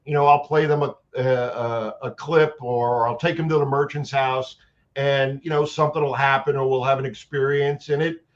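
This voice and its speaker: A man's voice: medium pitch, moderate pace. A man, a guest actor and paranormal investigator, telling long-winded stories in a casual chat, with lots of restarts. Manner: animated, long-winded anecdotes with many restarts. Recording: dull lo-fi sound.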